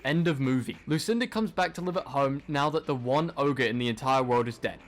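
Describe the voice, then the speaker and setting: Man, movie recap narration, sarcastic, swears a lot, rhetorical questions, medium pitch. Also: brisk, soft background music.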